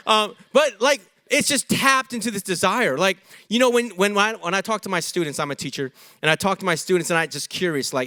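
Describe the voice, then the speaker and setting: A man's voice: sits high, normal speed, no echo, studio quality. A young adult man preaching a sermon in church, joking and acting out quoted dialogue. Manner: animated, jokey, acts out quoted dialogue. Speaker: pastor.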